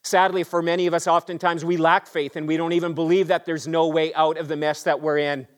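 Higher-voiced pastor preaching with rising fervor. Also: male voice, a little fast. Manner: swings from excited, raised delivery to hushed, quiet emphasis; addresses congregation directly with rhetorical questions. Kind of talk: Easter sermon.

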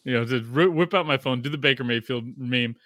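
A man's voice: mid-range voice, a little fast, fairly bright tone. A man who grew up in Australia hosts a podcast in a casual chat, rambling through stories with lots of fillers and restarts. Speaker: podcast host.

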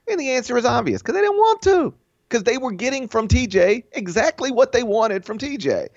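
A man hosting a casual sports podcast, animated and opinionated, often restarting phrases and putting on mock voices for others. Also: very high voice, brisk, dry recording. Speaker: podcast host. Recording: dull lo-fi sound.

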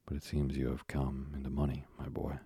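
A man's voice: extremely low pitch, monotone, brisk, dark tone, slightly rough, no room sound, clean studio sound, heavily acted. A man voicing a sly, ingratiating young male tailor in a storybook reading.

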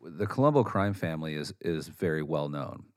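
A man's voice: a bass voice, expressive, moderate pace, no room sound, clean studio sound. A man co-hosting a podcast interview, asking short questions and laughing easily. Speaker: podcast co-host.

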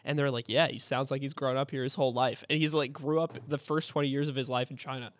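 A man's voice: medium pitch, fairly even intonation, fast, dry recording. Man, podcast guest, easygoing storyteller, dry close mic. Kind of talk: casual podcast chat.

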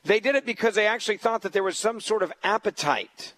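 A man's voice: high-pitched, fast talker, a bit bright, rough recording. A man hosting a political talk radio show, delivering a combative, emphatic monologue and repeating his points. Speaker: fill-in radio talk host.

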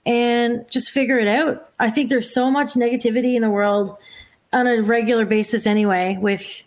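Earnest woman, higher voice. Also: moderate pace. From Newfoundland. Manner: earnest, animated storytelling with frequent fillers. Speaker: singer guest. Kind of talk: casual podcast chat.

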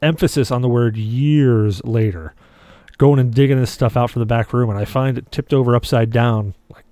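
A man at a middle pitch, chatting loosely as a podcast co-host. He rambles, restarts and swears as he tells his stories. The sound is dry and close, with no room in it. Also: moderate pace, dark tone, no room sound. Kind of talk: casual chat.

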